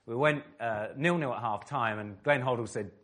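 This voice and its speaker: A man's voice: mid-range voice, moderate pace. A middle-aged man from England, a former footballer turned pastor, telling vivid stories in an interview and laughing easily. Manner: animated, vivid storyteller who laughs often. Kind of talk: storytelling in an interview.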